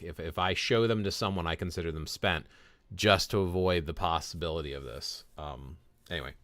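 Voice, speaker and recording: A man's voice: sits low, a bit bright, no room sound. A man live-streaming a mobile game in casual chat, greeting viewers by name, answering chat and often repeating words as he talks. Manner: chatty, friendly, repeats words and restarts often.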